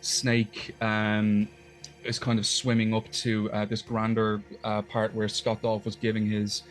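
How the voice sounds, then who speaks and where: A man's voice: fairly low pitch, completely flat delivery, a little slow, faint music behind. A male podcast co-host casually retelling game scenes in loose, rambling detail. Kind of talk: casual game retrospective chat.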